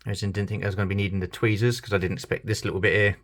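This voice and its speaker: A British man with a fairly low voice talks through a fiddly toy repair. He mutters and half-whispers, cursing under his breath as he works, in a relaxed hobby-channel manner. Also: racing. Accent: British English. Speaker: toy collector channel host. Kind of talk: casual commentary while repairing a toy.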